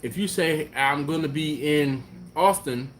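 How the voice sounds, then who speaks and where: A man hosting a barbecue channel's live stream, chatting casually and answering viewer comments in a relaxed, rambling way. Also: a little high, a little slow, a little hiss or hum. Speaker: BBQ channel host.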